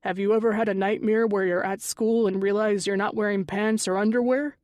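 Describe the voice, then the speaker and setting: A woman voicing a calm, measured father figure who lectures patiently and stays gently firm, in an audiobook. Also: medium pitch, dry recording, close to an everyday voice. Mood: reassuring. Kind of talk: audiobook character voice.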